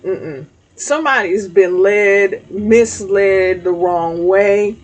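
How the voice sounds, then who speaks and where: A woman's voice: mid-range voice, a little hiss or hum, poor audio. A woman giving a spiritual tarot reading, talking straight to her viewers and checking in often with "okay?". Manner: slow, emphatic, frequent "okay?" check-ins; speaks directly to viewers, conversational. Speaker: tarot reader.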